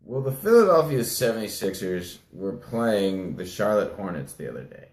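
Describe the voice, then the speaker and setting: A man's voice: fairly low pitch, moderate pace, echoey room. A man co-hosting a casual sports talk show, telling stories with energy and laughing at them. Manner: animated storyteller, laughs at his own story. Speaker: podcast co-host.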